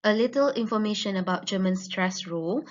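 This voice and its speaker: A woman student giving an academic presentation on her research, explaining slowly with frequent ums. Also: medium pitch. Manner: measured, explanatory with fillers. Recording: dull lo-fi recording.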